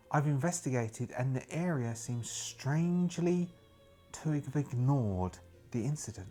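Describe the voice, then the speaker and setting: A man voicing an earnest 1920s investigator reading his journal in a hushed, measured, solemn way over faint music. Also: medium pitch, natural voice.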